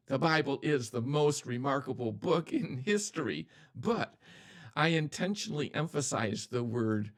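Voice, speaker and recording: A man's voice: medium pitch, gravelly. An older man, a pastor hosting a talk show, speaking straight to the viewer and repeating key words for emphasis in a storytelling way. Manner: storytelling, addresses the viewer directly. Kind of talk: video talk show monologue.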